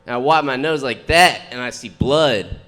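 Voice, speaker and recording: A man's voice: mid-range voice, expressive, moderate pace, a bit bright. A man performing a stand-up set in a comedy club, telling crude stories with lots of swearing. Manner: profane, brash storytelling with crude punchlines.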